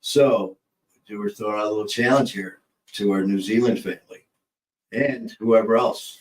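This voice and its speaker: A man co-hosting a casual livestream, rambling warmly between corny jokes and shout-outs to viewers. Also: fairly low pitch, fairly even intonation, normal speed, reverberant, far from the mic, poor audio. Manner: rambling, joke-telling, laughs easily. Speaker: livestream co-host.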